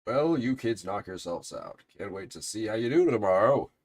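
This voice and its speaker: A man voicing a boisterous, cheerful male police detective in a game, with a loud, hearty delivery. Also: on the low side, expressive, moderate pace, slightly rough, pitched above the performer's own voice. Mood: jovial.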